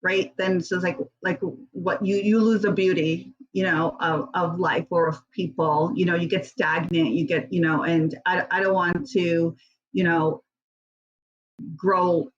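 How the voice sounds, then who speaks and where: A woman's voice: fairly low pitch, muffled recording. A woman guest answering interview questions casually, rambling with many fillers and restarts and laughing often.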